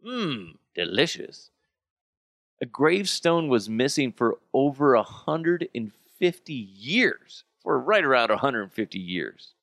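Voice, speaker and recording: A man in his thirties hosting a casual solo podcast from his basement, talking in an animated, joking and profane way. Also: medium pitch, a little slow, creaky, hardly any pauses, dry recording. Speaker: podcast host. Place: home basement.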